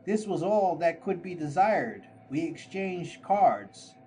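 A man reading a classic story aloud as an audiobook narrator, slow and deliberate. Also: high voice, big pitch swings, warm tone, a little hiss or hum, low-quality recording. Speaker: audiobook reader. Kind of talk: scripted narration.

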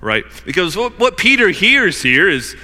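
A man's voice: high-pitched, very animated, moderate pace, sharp tone, big-room sound. A man preaching a sermon in an emphatic, conversational way, often saying "like" and "you know".

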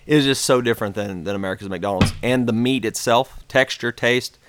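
A man's voice: mid-range voice, brisk, over music. An American man in a casual podcast chat, telling a travel story in a rambling way with many fillers and restarts. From United States.

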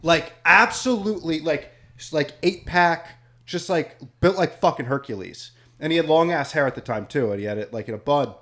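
A man's voice: a little high, moderate pace, fairly bright tone. A young man, a comedian co-hosting a podcast, telling a story in a rambling, casual way and swearing a lot.

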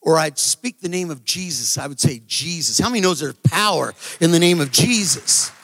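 A man giving a sermon testimony, telling a story that builds to loud, emphatic moments, recorded live in a large church. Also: on the high side, lively intonation, normal speed. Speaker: guest preacher. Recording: live church hall reverb.

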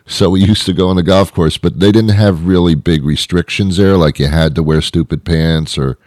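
A man with an extremely deep voice rambles through a comic monologue as a show host. He trips over his own words and swings into mock outrage. The sound is close and completely dry, with no room at all. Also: steady tone, moderate pace, darkish tone, no room sound.

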